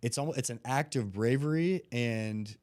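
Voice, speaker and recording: A man, a guest and life coach, talking in a casual conversation as an animated storyteller who swears casually. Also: medium pitch, normal speed. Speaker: guest, life coach and former football player.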